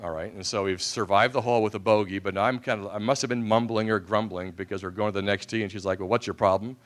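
A man with a fairly low voice tells funny stories to a live audience. He pokes fun at himself and slips into quick impressions of the people in his anecdotes. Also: steady tone. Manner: self-deprecating, acts out voices in anecdotes. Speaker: speaker at an event. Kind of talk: humorous storytelling speech to an audience.

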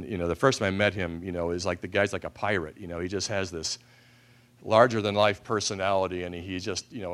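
A man with a fairly low voice tells funny stories to a live audience. He pokes fun at himself and slips into quick impressions of the people in his anecdotes. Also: fairly bright tone. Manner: self-deprecating, acts out voices in anecdotes. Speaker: speaker at an event. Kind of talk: humorous storytelling speech to an audience.

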